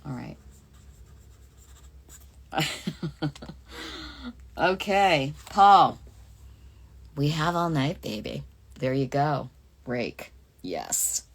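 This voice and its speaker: A woman's voice: low-pitched, lively intonation, drawn-out words, long pauses, husky. A woman voice actress chatting through a live fan Q&A, reading out questions and answering casually.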